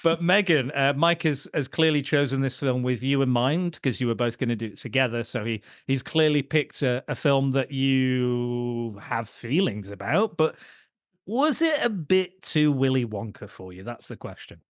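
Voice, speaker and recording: A man in mid-range pitch hosts a relaxed film podcast chat, sentences tumbling out with restarts and little laughs. His voice sounds dry and close to the mic, with no room around it. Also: dry recording. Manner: rambling, self-interrupting, quick to laugh. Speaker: podcast host.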